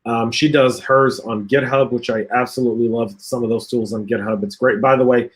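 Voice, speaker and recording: A man's voice: medium pitch, steady tone, brisk. A man hosting a casual livestream over a video call, reading out viewer comments and joking along with the panel. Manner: chatty, reads viewer comments aloud, jokey. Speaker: podcast host reading live chat.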